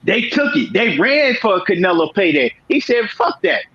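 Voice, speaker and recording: A man with a high, husky voice talks boxing in an emphatic, casual way, often checking in with "right?". The sound is dull and lo-fi. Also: big pitch swings, moderate pace, sharp tone. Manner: emphatic, keeps asking "right?". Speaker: boxing show host.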